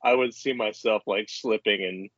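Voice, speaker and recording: A man's voice: on the low side, fairly even intonation, moderate pace, a bit bright, dry recording, lo-fi sound. A man co-hosting a casual podcast chat at home, rambling with many restarts and frequent laughs. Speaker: podcast co-host. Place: indoors at home.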